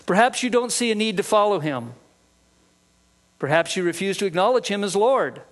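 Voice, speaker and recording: A man's voice: high voice, expressive, normal speed. A man preaching a sermon, explaining scripture earnestly and reading passages aloud. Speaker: pastor.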